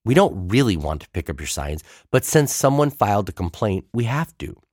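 A man voicing a calm male police desk sergeant who talks slowly and deliberately, without emotion. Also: fairly low pitch, no echo, studio quality. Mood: flat, patient. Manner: slow, deliberate, dispassionate.

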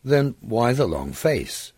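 Easygoing young man who teases, voiced by the male narrator; husky, animated. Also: medium pitch, slow pace, no echo, pitched above the performer's own voice, full character voice.

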